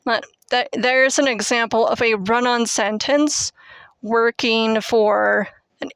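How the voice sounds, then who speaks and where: A young woman in her twenties gives casual writing tips in a slightly high, smooth voice. She rambles, fills gaps with "like" and "um", and pokes fun at herself. Her headset mic gives a dry, close sound. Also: steady tone, slow, a bit bright, dry recording. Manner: rambling, filler-heavy, self-deprecating. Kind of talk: casual teaching monologue.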